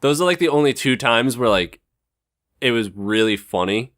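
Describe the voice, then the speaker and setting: Podcast guest, male, easygoing storyteller, mid-pitched voice, dry mic. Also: lively intonation, moderate pace, fairly bright tone, dry recording. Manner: laid-back, hesitant, many fillers. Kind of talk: casual storytelling.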